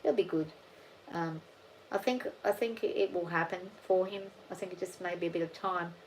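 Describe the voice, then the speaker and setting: A woman's voice: lowish voice, normal speed, darkish tone, a little hiss or hum, poor audio. Rambling, chatty Australian woman. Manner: rambling, chatty, thinks aloud with many restarts. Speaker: farm channel vlogger. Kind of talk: casual live chat with viewers.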